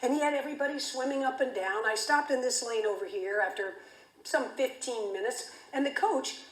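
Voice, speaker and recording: A woman's voice: sits high, fairly quick. A woman giving a keynote speech, telling a story in a vivid, dramatic way. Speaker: keynote speaker. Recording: echoey hall.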